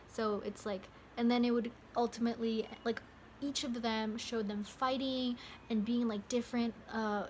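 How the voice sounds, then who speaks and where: A woman's voice: on the high side, slight background noise. A young woman talking casually to camera in a movie review vlog, rambling and interrupting herself with lots of fillers. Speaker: vlogger.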